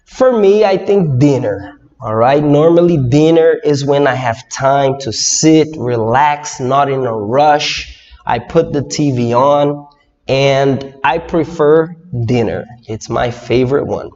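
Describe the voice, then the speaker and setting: Young Brazilian man teaching English live, unhurried delivery, reverberant room. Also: medium pitch. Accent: Brazilian Portuguese. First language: Portuguese. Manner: slow, lively, reads viewer comments and asks questions. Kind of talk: live online English lesson. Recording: dull lo-fi audio with long reverb.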